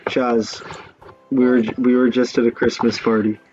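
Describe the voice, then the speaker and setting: A man's voice: medium pitch, level tone, measured pace. A man hosting a comedic podcast, steering the chat with prompting questions, on a muffled recording with faint music. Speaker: podcast host.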